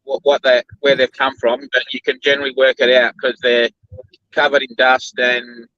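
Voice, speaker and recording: An Australian man chatting easily as a guest and explaining things calmly. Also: medium pitch, normal speed, highs cut off. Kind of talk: casual chat.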